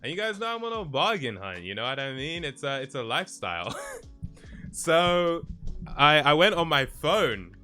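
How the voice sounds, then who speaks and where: A man's voice: fairly high pitch, normal speed. A young man from Nigeria, telling a story in a casual, chatty way to his live stream chat. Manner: animated, laughing, chatty retelling. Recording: faint music behind.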